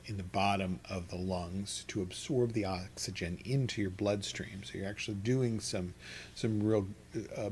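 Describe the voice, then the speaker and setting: Soft-spoken man teaching breath work. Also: lowish voice, slight background noise. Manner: relaxed, rambling, with frequent restarts and soft laughs. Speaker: meditation teacher. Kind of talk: guided chanting instruction. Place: home studio with an open window.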